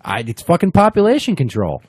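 A man co-hosting a podcast, telling a crude, profane story in a lively way and putting on the voices of the people in it. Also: on the high side, a little fast, breathy edge, dry recording, clean studio sound. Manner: profane, animated storyteller who acts out quoted voices. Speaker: podcast co-host.

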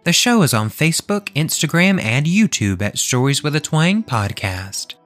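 Man reading a tale with a lively, varied voice. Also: fairly high pitch, normal speed, faint music behind. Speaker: podcast host and storyteller. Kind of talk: reading a classic tale aloud.

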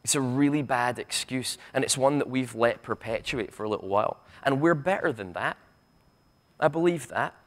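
A man with a Glaswegian accent giving a conference keynote. He is impassioned and sarcastic, swears freely, and stumbles into quick restarts. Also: medium pitch. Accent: Scottish, Glaswegian. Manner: impassioned, stammering restarts, rapid asides. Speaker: keynote speaker. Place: university conference hall.

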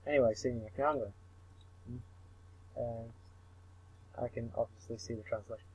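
A man's voice: medium pitch, fairly even intonation, moderate pace, a little mellow, husky, no room sound, dull audio. A young man reading a visual novel aloud for laughs, mumbling, tripping over words and swearing at himself. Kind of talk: comic read-through of a visual novel.

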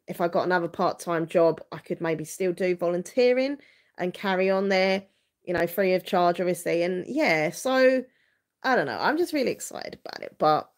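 A woman in her thirties chatting openly on a livestream, rambling with frequent restarts. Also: on the low side. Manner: rambling, frequent restarts and fillers, open and earnest. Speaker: vlogger hosting a livestream. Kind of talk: casual livestream chat.

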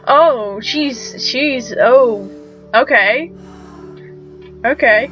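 Young woman, high voice, reaction vlogger, incredulous exclaiming, stumbling restarts, dull lo-fi audio. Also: drawn-out words, fairly bright tone. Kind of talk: reaction video commentary. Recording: dull lo-fi sound with faint music.

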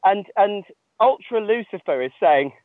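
A little slow this time, the runner's high, lively voice carries no echo as he phones in casually from a long-distance trail outdoors. He recounts his story self-mockingly, laughing along, over a dry, tinny line.

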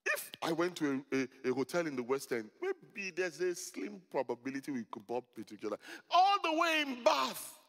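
Middle-aged male pastor, storytelling sermon with humor and loud peaks, reverberant church hall. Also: medium pitch, very animated, brisk, few pauses. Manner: storytelling, joking, rising to loud emphatic peaks. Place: church hall before a congregation.

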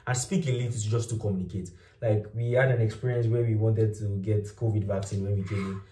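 A man's voice: on the low side, a little fast, recorded from a distance. A young Nigerian man, a Yoruba speaker, telling stories in a casual chat and laughing often. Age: young adult. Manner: animated storytelling, laughs often. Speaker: vlog host. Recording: roomy, a little off-mic.

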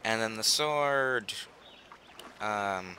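A man's voice: fairly low pitch, drawn-out words, bright, forceful tone. Teen boy gamer, chatty rambling commentary, audible background noise on the mic. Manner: rambling, chatty and silly, trails off mid-sentence. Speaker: gaming channel host. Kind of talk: casual let's play commentary.

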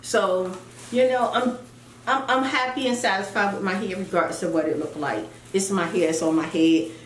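A woman's voice: mid-range voice, moderate pace. A middle-aged woman chatting casually and telling a story, acting out voices with folksy asides. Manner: animated storyteller who acts out voices, folksy asides like "child" and "y'all". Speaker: vlogger. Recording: echoey room with faint ambient noise.

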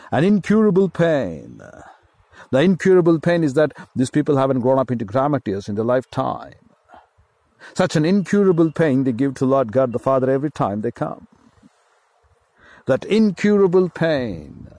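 A man with an Indian English accent preaching a sermon as a pastor, in a slow, emphatic style with repeated phrases. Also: mid-range voice, dark tone, no room sound.

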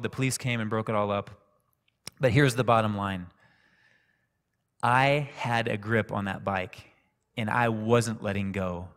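A man preaching a sermon, telling a personal story in a calm, conversational way. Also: medium pitch. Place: church sanctuary. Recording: echoey church hall reverb.

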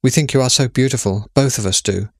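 A man voicing a shy noble wife, soft and timid. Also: mid-range voice, quick pace, no echo, clean studio sound, voice pushed up, natural voice.

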